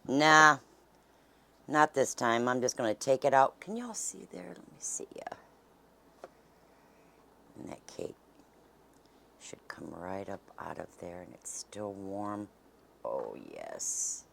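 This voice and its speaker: A woman's voice: extremely low pitch, big pitch swings, slow, creaky, pauses often, bright, forceful tone, a little hiss or hum. Woman, home-cooking host, folksy and chatty, drifts into near whispers, kitchen setting. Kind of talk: casual cooking demonstration.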